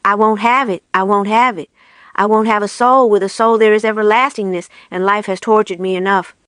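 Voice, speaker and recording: A woman's voice: mid-range voice, steady tone, fairly quick, fairly bright tone, smooth, dry recording, lightly acted. Woman reading as a bitter, paranoid witch. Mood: intense. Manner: accusing, intense.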